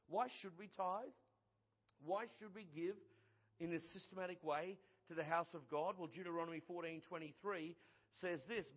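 Male pastor preaching, high voice, emphatic repetition, muffled sound in a long-reverb hall. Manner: emphatic, repeats phrases for effect. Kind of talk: sermon.

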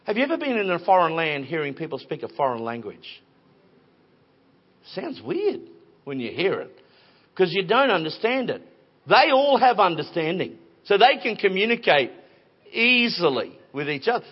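A man preaching a sermon in a conversational, animated storytelling way with playful voices. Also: high-pitched, husky. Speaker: pastor. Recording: dull lo-fi recording.

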